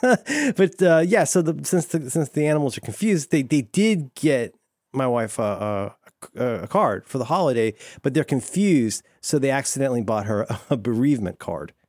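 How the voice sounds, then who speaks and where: A man's voice: mid-range voice, animated, moderate pace, darkish tone, dry recording, studio quality. A man hosting a casual podcast chat, playful and rambling, laughing often. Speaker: podcast host.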